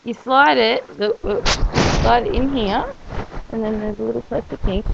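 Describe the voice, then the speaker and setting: A woman's voice: on the high side, moderate pace, gravelly, lo-fi sound, background noise. A woman vlogging casually about her life, rambling and making self-mocking jokes as she goes. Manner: chatty, self-mocking, jokey asides. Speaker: vlogger sharing her illness story. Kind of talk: casual rambling video diary.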